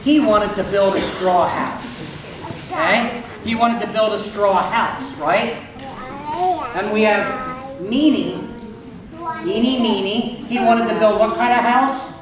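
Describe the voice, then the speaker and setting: Man storyteller, very high voice, playful, quizzes the kids, echoey room, audience noise. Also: slow, long pauses, a crowd in the background. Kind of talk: interactive storytelling for children.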